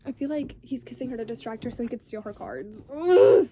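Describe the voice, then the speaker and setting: A young woman chatting casually in a reading vlog, excitable, gasping and swearing as she reacts. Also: a little high, fairly quick, slight background noise. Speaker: book vlogger.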